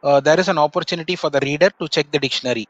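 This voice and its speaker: A man's voice: on the high side, dry recording, muffled recording. Indian man with a Tamil accent, thoughtful. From Tamil Nadu, India. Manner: measured, thoughtful, many pauses and "uh" fillers. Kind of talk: casual conversation.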